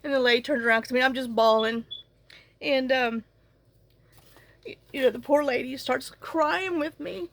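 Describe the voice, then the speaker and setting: A woman's voice: high-pitched, steady tone, moderate pace, long pauses. A woman vlogger chatting casually to camera, tearful and fighting back crying, rambling and often trailing off to restart. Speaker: journaling channel vlogger. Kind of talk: casual to-camera vlog chat.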